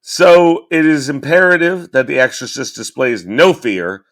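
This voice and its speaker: Irreverent excitable man on a podcast. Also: fairly high pitch, unhurried. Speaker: podcast co-host. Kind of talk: casual comedic chat.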